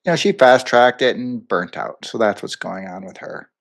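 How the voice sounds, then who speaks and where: A man's voice: fairly low pitch, normal speed, gravelly. A man co-hosting a movie review podcast, talking casually with lots of fillers and asides. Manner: rambling, animated, lots of fillers. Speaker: podcast co-host.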